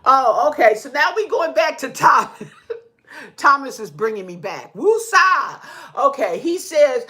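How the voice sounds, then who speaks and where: A woman vlogger telling stories in casual chat to her viewers, animated, whooping and laughing often, checking in with "okay?" as she talks. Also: sits high, unhurried. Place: indoor room with pink walls.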